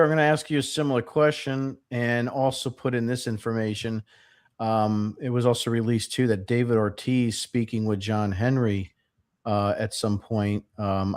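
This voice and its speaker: A man with a fairly low voice hosts a casual sports podcast. He sets up long, winding questions for his co-host. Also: darkish tone.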